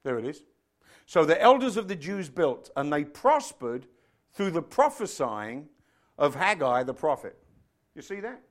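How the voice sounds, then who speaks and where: Fervent preacher, a man with a raised pitch. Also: sing-song, a little slow. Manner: fervent, rising to shouts. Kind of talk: sermon.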